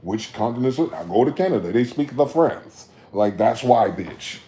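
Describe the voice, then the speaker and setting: A man hosting a livestream, ranting with profanity, repeating words in chains and breaking into sudden high-pitched shouts. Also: lively intonation, normal speed. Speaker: livestream host. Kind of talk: livestream monologue.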